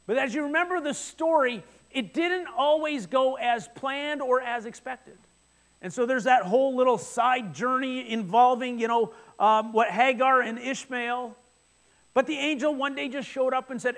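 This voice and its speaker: A man with a notably high voice preaching a sermon. He retells the scripture story in a loose, conversational way, with quick asides, and often stumbles over repeated words at the start of sentences. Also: steady tone, a bit bright. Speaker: pastor.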